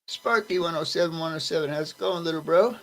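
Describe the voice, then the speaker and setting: A man's voice: fairly high pitch, fairly bright tone, low-quality recording. A man hosting a live stream, greeting his viewers one by one by name in a friendly, casual way. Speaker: livestream host greeting chat. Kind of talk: casual livestream chat.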